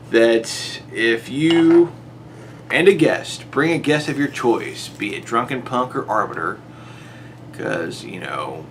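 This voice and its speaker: Guy doing a slow exasperated rant on his channel, goes way up on the questions, bit of hiss behind. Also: a bit bright. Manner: exasperated, rhetorical, pitch jumps up on questions. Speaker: YouTuber addressing a rival. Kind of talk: monologue to camera.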